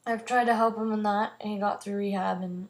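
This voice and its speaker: A woman's voice: medium pitch, fairly even intonation, brisk. A teenage girl vlogging, telling a long personal story in a rambling way, full of "like" and "um". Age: teens. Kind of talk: casual storytelling to camera.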